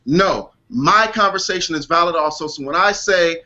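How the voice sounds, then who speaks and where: A man's voice: fairly high pitch, normal speed, pushed and bright, lo-fi sound. A man in a heated casual debate on a video call, insistent and defensive, repeating his point. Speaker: panelist in an online discussion.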